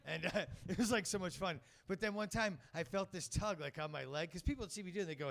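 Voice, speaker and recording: Man, stand-up comic, rambling storyteller, slips into voices and sung bits, slightly high voice. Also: racing, gravelly, hardly any pauses, fairly bright tone. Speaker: stand-up comedian. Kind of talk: stand-up set. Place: comedy club stage.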